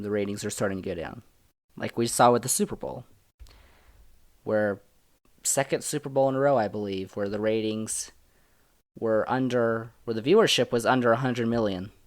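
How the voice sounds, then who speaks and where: A man hosts a solo sports podcast, talking through the news in an opinionated way. He is emphatic, jumping between loud and soft. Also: mid-range voice. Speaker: podcast host.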